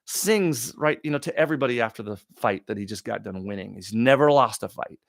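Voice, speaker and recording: A man hosting a live question-and-answer stream, talking in a rambling, excitable way with many restarts. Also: mid-range voice, fairly quick, creaky, no room sound, clean studio sound. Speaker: talk show host.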